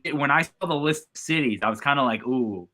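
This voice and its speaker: A man's voice: medium pitch, brisk, sharp tone. A man from the US East Coast, a guest chatting casually on a sports podcast, talking loosely with lots of fillers and restarts.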